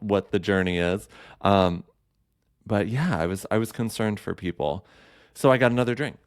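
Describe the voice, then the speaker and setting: A man's voice: sits low, clean tone, dry recording, studio quality. A man hosting a podcast, chatting casually and campily with lots of fillers and asides. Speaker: podcast host. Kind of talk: casual solo chat.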